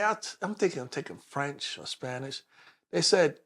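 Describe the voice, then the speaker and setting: A man's voice: fairly high pitch, moderate pace. A man in his sixties with a New York accent, a detective telling his life story as an interview guest, acting out the voices of people in it. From New York City. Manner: animated, acts out quoted voices in stories.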